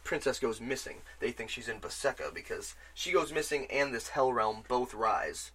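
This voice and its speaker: Bright-voiced man ranting about games. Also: medium pitch, normal speed, husky. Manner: rambling, excitable, swears freely. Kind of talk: casual game chat.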